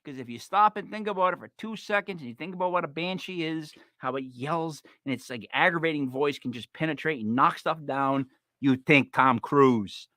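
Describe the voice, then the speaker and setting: A man's voice: a little high, moderate pace, sharp tone, no echo, studio quality. A man co-hosting a podcast in playful comedic chat, joking through a list with punchy delivery. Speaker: podcast co-host.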